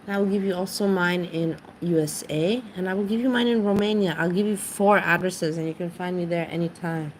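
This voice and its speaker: A woman's voice: on the low side, a little fast, few pauses, slight background noise. A woman chatting casually on her livestream, rambling and greeting viewers in chat by name. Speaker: livestream host. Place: home.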